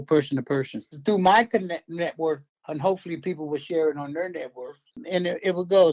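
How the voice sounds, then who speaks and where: A man author explaining his book in a radio interview, halting with fillers. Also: on the high side, highs cut off. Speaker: author guest.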